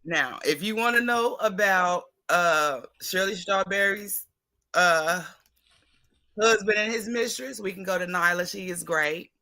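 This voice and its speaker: A woman's voice: fairly low pitch, sharp tone. A woman guest in a casual reaction chat, chatty and gossipy. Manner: chatty, gossipy, quick to laugh. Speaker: guest co-host.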